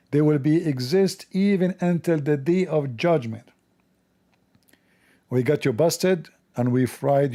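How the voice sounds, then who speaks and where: A mellow, medium-pitched male host runs a religious commentary show that mocks its subject. His broken English carries a sarcastic, scornful edge.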